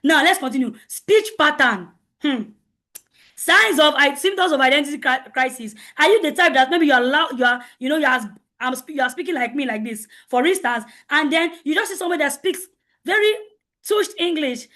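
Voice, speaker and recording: A woman coach giving a motivational lecture to teenagers, loud and emphatic, often repeating her points for stress. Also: sits high, fairly quick. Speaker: coach speaking at a teen conference.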